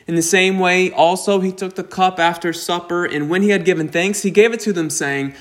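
A man preaching a sermon, slow and deliberate, with emphatic rises on key points. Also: sits high, steady tone. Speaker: pastor.

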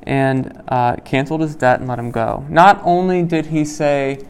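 A man leading a small Bible study group. He reads scripture aloud, then explains it in a loose, conversational way, asking "right?" often and pausing with "um.". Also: a little high, clean tone. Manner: many "um"s and restarts while explaining.

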